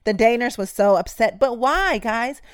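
A woman's voice: on the high side, animated, moderate pace, clear, resonant tone, no echo, studio quality. A woman nurse hosting a podcast, telling work stories in a direct, emphatic, casual way and speaking straight to her listeners. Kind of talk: casual instructive storytelling.

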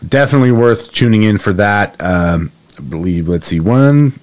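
A male co-host with a fairly low voice gives careful, analytical views in a casual way. The recording is dry and close to the mic. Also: animated, a little mellow, no echo. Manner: measured, analytical, some restarts. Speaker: podcast co-host. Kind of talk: casual sports podcast chat.

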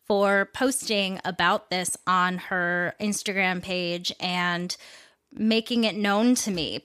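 A woman's voice: mid-range voice, bright, forceful tone, no echo. Chatty woman podcast host, dry sound. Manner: candid, chatty, swears casually. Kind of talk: casual solo podcast monologue.

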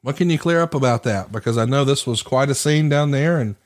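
A man's voice: medium pitch, fairly quick. A man hosting a podcast, chatting casually and playfully and asking his guest questions. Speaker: podcast host. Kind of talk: casual chat, interviewing.

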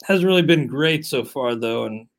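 Guiding the discussion from pick to pick, a co-host of a laid-back fantasy baseball podcast keeps a steady hand on the segment as it shifts between topics. He speaks at normal speed in a medium-pitched, creaky voice.

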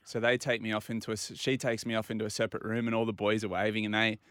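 An Australian man telling a long, animated anecdote on a casual talk show and acting out the other people's lines. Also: on the low side, rapid-fire, clean tone, no room sound, clean studio sound. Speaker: regular guest. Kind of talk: casual storytelling.

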